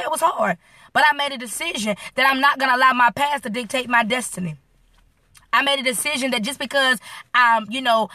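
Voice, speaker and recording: A woman hosting a live-stream inspirational talk, animated and preacherly, speaking straight to her viewers. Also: a little high, dry recording. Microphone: phone.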